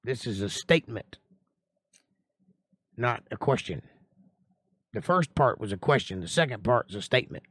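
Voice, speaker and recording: A man's voice: lively intonation, normal speed, long pauses, fairly bright tone, husky, no echo. A man teaching a livestream Bible study, reading scripture aloud and breaking in with casual, joking commentary. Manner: voices the figures in the reading with rising pitch and a whiny tone.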